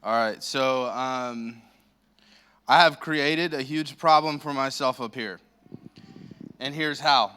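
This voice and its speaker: A man's voice: medium pitch, takes it slowly, pauses often, sharp tone, clear, resonant tone. An American man preaching as a guest pastor in a church, joking and self-deprecating as he rambles into his message through a handheld microphone. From United States. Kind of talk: sermon. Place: church sanctuary.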